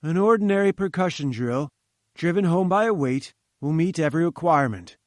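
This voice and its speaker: A man's voice: fairly high pitch, lively intonation, brisk, no room sound, studio quality, pitched above the performer's own voice, lightly acted. A man voicing a domineering, haughty older male scientist who barks orders. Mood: imperious. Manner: haughty and commanding.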